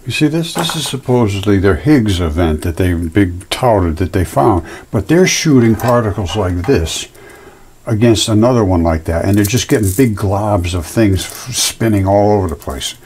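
Casual male presenter, lively intonation, emphatic folksy explaining over pictures. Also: lowish voice, moderate pace, a little hiss or hum. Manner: folksy, emphatic, with sound effects and repetitions. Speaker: presenter of fringe science videos.

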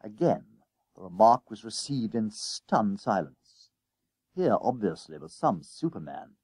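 A man reading a children's story aloud in an expressive narrating voice. His pitch moves in a lively way through the sentences. The recording is close and dry, with no room sound. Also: a little slow, husky, dry recording. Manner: expressive, does character voices.

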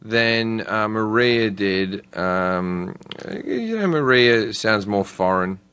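Man, Australian accent, forties, talk show host, tipsy, profane, bright tone. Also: fairly low pitch, expressive, clear, resonant tone. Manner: drunk, profane, halting restarts. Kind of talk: casual comedic banter. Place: TV studio.

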